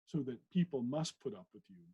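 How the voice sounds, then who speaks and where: A man reading the part of a proud young doctor, earnest and a little scornful, in a husky voice. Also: medium pitch, lively intonation, brisk, highs cut off.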